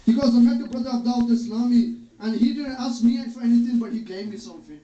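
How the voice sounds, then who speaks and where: A man's voice: extremely high pitch, fast, dark tone. A man giving a religious talk, telling stories and retelling others' words as quotes. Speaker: preacher. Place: hall or home gathering. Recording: dull, roomy, distant sound.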